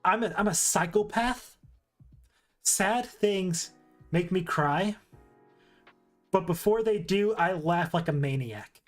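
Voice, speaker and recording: A man's voice: high-pitched, lively intonation, slow, long pauses, faint music behind. A man streaming casual commentary while ranking movies, rambling with restarts and asides.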